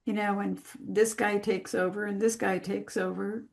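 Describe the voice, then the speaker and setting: A woman teaching an online master class, speaking slowly and deliberately with pauses. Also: mid-range voice, flat delivery, gravelly. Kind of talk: live online class talk. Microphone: video call.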